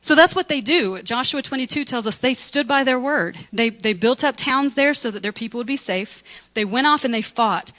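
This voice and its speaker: A woman pastor delivers a sermon in a lively, conversational way, slipping into voices for biblical figures with a humorous edge. Her voice sits a little high for a woman. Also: moderate pace, low-quality recording.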